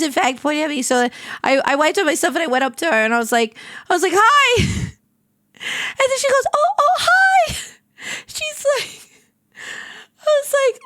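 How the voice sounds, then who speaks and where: A woman with a high voice chats to her stream about her day, acting out little quotes as she goes. The sound is dry and close, with no room around it. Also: no room sound. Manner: animated anecdote telling with acted-out quotes. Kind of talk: casual storytelling to stream chat.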